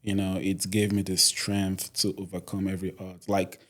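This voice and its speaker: A man's voice: sits low, monotone, normal speed. A young man, a podcast guest telling his story earnestly, often adding "you know". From Nigeria. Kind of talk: casual interview storytelling.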